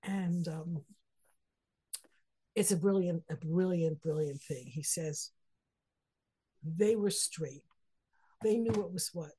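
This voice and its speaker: Woman, middle-aged, Torah teacher, earnest, reflective, warm mellow tone, slightly husky. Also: on the low side, slow pace, long pauses, poor audio. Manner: earnest, reflective, emotional about the text; mixes Hebrew phrases into English teaching. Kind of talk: text study lesson.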